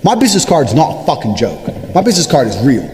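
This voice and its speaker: A man's voice: on the high side, sing-song, quick pace, a little mellow. A man delivering an unscripted monologue to camera, boastful and profane, with a swaggering manner. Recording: echoey room with long reverb.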